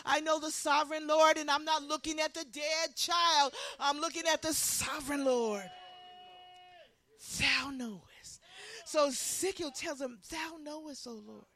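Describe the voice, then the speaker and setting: A woman preaching a sermon with passion, swinging from loud, shouted lines to hushed ones. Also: high-pitched.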